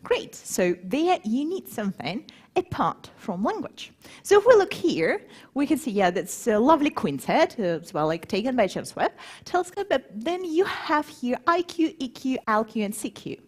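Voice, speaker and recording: Conference speaker: lively woman with a husky edge, engages the crowd with questions. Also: on the high side, normal speed. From grew up between Moscow and Warsaw. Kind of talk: conference talk.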